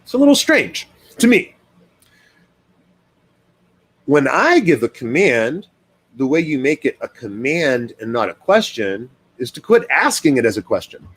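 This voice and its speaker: A dog trainer rambles casually in a monologue packed with fillers, acting out the people he quotes in a higher voice. His moderately paced voice swings widely in pitch and sounds a bit bright and slightly rough.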